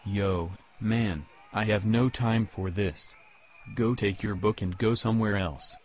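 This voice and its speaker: A man's voice: fairly low pitch, measured pace, darkish tone, slight background noise, lightly acted. A man playing a brash basketball star at a press conference, dismissive and full of "yo" and "man", in an amateur comedy skit. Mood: irritated. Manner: dismissive, peppers talk with "yo" and "man".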